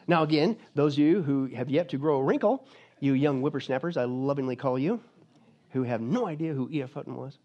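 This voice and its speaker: A male pastor preaching a sermon in a lively, joking manner, swinging from loud to hushed. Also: medium pitch, fairly quick, highs cut off.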